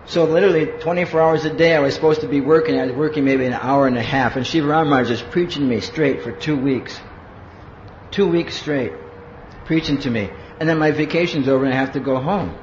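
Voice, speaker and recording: A man's voice: on the high side, fairly quick. A man giving a sermon as a conversational story, acting out what people said and often asking "huh?". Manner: conversational storytelling, acts out quotes, asks "huh?". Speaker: preacher. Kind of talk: sermon with personal stories. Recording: roomy lo-fi hall recording with hum.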